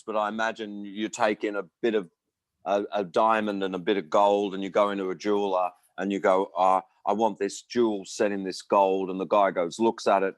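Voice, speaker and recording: Rambling older man, low dry voice. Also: no echo. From Australia. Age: 60s. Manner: rambling storyteller, acts out quoted voices. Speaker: musician guest. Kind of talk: casual interview chat.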